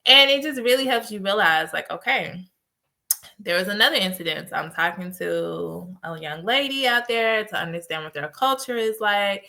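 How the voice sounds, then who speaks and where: Bright-voiced woman podcast host. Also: medium pitch, normal speed. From United States. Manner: animated storytelling with laughs. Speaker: podcast host and life coach. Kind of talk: casual solo podcast talk.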